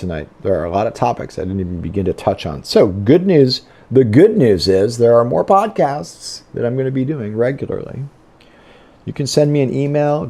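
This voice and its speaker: A man's voice: on the low side, vocal fry, mellow. A middle-aged man hosting a podcast solo, rambling conversationally and acting out his own inner thoughts. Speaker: podcast host. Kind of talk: casual solo podcast talk.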